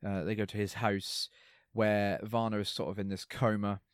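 A man's voice: on the low side, little pitch movement, moderate pace, clean tone, no echo, studio quality. A man co-hosting a podcast, casually recapping an episode in a rambling, hesitant way with lots of fillers.

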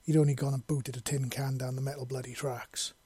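A man's voice: medium pitch, level tone, fairly quick, warm tone, breathy edge, dry recording. A man narrating his own fan fiction in a casual, sweary storytelling manner. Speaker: narrator, podcast author.

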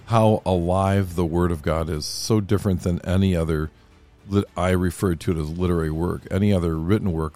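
Male podcast host, mellow low voice, earnest scripture reading. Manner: earnest, reads scripture and commentary aloud. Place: studio.

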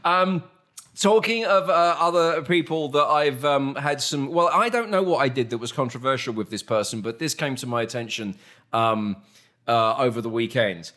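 A man's voice: medium pitch, normal speed, bright, forceful tone. A man with a Southern British accent hosting a podcast, telling rambling, self-mocking stories and acting out what people said. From southern England. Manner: rambling, self-mocking anecdotes with acted-out quotes. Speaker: podcast host. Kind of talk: casual chat, storytelling.

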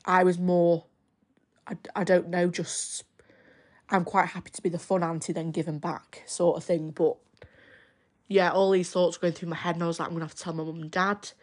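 A woman's voice: lowish voice, little pitch movement, normal speed, long pauses, a little mellow. A young woman hosting a personal podcast, telling her story in a chatty, rambling way full of fillers. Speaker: podcast host.

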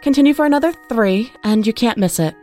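A woman's voice: a little high, animated, fast talker, mellow, soft background music, lightly acted. An actress playing a kind young woman who stops to help a stranger, speaking in an earnest, caring way. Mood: concerned. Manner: earnest, helpful.

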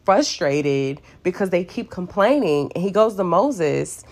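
A woman's voice: fairly low pitch, animated, a little slow, a little mellow. A woman giving a casual, playful Bible talk full of fillers and asides. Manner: chatty and playful, many fillers, acts out voices. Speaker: Bible teacher. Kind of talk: casual devotional teaching.

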